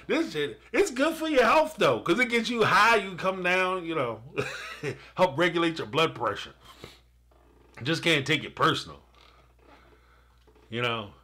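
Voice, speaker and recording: A man's voice: on the high side, sing-song, measured pace, long pauses, pushed and bright. A man reacting live to a reality show in a fired-up, ranting way, with a laugh breaking in. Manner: fired up, ranting and laughing, talks straight at the viewer. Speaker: live-stream reaction host. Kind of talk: animated reaction commentary.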